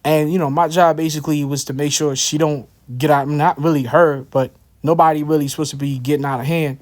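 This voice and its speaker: A man's voice: fairly high pitch, fairly even intonation, brisk, a little mellow. A man giving casual scripture commentary, telling a personal story in a loose, slangy way with many fillers and asides. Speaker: religious teacher.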